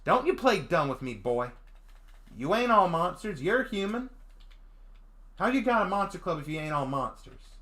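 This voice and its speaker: A man voicing a rough, distrustful young dragon girl with a put-on Southern country accent, speaking low and curt with rural grammar in a visual novel reading. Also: big pitch swings, normal speed, sharp tone, full character voice. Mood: hostile. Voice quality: low, frustrated, growling. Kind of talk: visual novel read-aloud.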